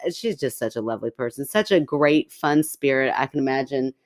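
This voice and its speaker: A woman with a strikingly low voice co-hosts a podcast, chatting casually and rambling from one story to the next. She quotes messages aloud and breaks into giggles often. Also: animated, brisk. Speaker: podcast co-host. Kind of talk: casual chat.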